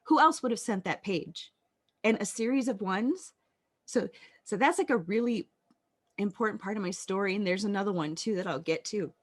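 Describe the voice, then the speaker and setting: A woman in her thirties, a podcast guest telling her personal story in an earnest, reflective way with halting pauses. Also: medium pitch.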